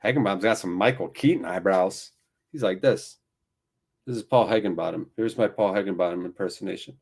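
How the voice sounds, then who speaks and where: A man's voice: low voice, brisk, gravelly, darkish tone. A man hosting a live football watchalong, giving wry, self-deprecating commentary on the match. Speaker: watchalong host.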